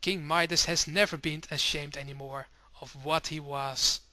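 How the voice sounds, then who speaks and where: A man telling a children's fairy tale, slow and expressive. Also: a little high. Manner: slow, expressive, puts on villagers' voices. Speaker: storyteller. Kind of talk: storytelling to children.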